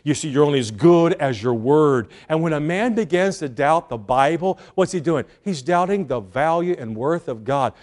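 A man preaching a sermon with animated emphasis, dropping to hushed asides and acting out the people he quotes. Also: a little high, moderate pace, few pauses. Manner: acts out quoted speakers in lively voices.

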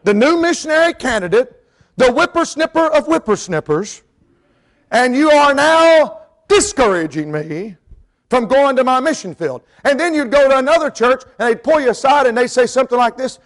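A middle-aged man from the mountains of North Carolina, preaching a sermon and telling stories, dropping quiet and then hollering. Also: extremely high pitch, animated, moderate pace. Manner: storytelling, swings from quiet to hollering. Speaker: pastor and missionary.

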